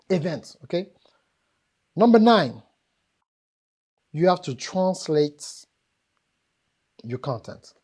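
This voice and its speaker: A woman's voice: on the low side, sing-song, slow, long pauses, warm tone. A woman with a French accent giving a live seminar talk on business, emphatic and joking as she addresses the audience directly. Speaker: business speaker.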